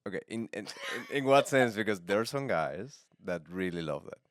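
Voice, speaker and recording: A man hosting a podcast, interviewing a guest in a playful, teasing way with halting restarts. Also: on the low side, expressive, dry recording, clean studio sound. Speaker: podcast host. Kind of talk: casual interview chat.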